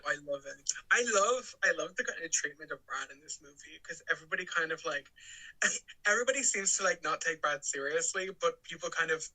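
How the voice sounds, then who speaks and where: A man's voice: fairly high pitch, animated, fairly quick, bright, forceful tone, rough recording. A man co-hosting a podcast, rambling casually about a film with plenty of fillers and laughs. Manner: rambling, lots of "like", laughs often. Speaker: podcast co-host.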